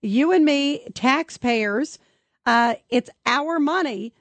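A woman's voice: high voice, animated, slow, dry recording. A woman hosting a talk radio show, taking calls and speaking emphatically and indignantly.

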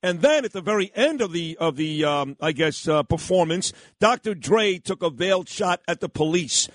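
A man hosts a morning radio talk show, upbeat and effusive. His voice sits a little high. The studio sound is close and dry. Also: animated, normal speed, no room sound.

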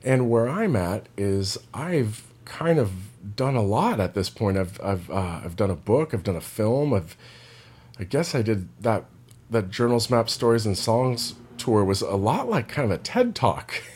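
A man with a lowish voice talks through a relaxed, meandering vlog. His thoughts wander freely and he leans heavily on "like". He sounds unhurried and personal. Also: husky. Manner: loose and meandering, heavy use of "like". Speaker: indie rock singer and vlogger. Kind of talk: casual rambling vlog chat.

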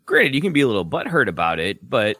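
A man's voice: medium pitch, huge pitch swings, fast, a bit bright, no echo. A man co-hosting a casual sports podcast, giving wry, opinionated takes with some swearing. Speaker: podcast co-host.

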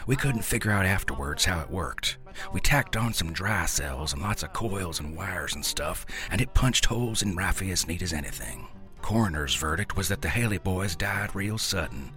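A man's voice: low-pitched, pushed and bright. A man reading a first-person story aloud in a folksy, drawling rural dialect. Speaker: narrator.

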